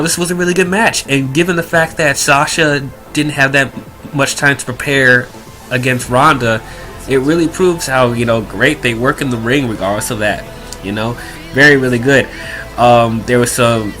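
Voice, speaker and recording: A man's voice: medium pitch, sharp tone. A young man giving a rambling, exasperated review, full of fillers and restarts. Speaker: wrestling reviewer. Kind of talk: casual review rant.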